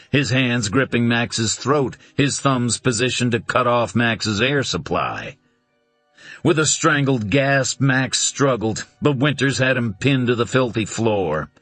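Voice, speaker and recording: Guy reading a thriller audiobook really slow, dry close sound, faint music under. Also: medium pitch, expressive, a bit bright, no room sound. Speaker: audiobook narrator. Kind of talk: scripted narration of a suspense novel.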